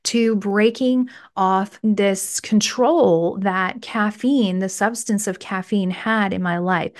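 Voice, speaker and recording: A woman in her forties talks candidly on her faith-based podcast, sharing her own story. Her voice sits at a middle pitch, and her delivery is conversational and testimonial. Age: 40s. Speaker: podcast host.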